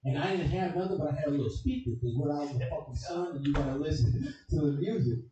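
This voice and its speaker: A man's voice: on the high side, quick pace, dark tone, very echoey, far from the mic, slight background noise, low-quality recording. A man from Chicago doing a crude, rambling stand-up comedy set, swearing constantly. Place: comedy club stage.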